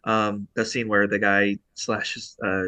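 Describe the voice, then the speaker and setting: A man's voice: lowish voice, takes it slowly, no echo. A man co-hosting a podcast, chatting casually and retelling movie scenes with lots of laughter. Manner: animated storytelling with laughs. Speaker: podcast co-host. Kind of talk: casual chat.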